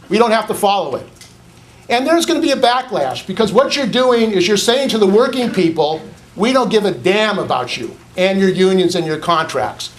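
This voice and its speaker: A high-voiced man speaks at the podium of a public board meeting. He is indignant and accusatory, and he hammers his points home by repeating them. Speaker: public commenter.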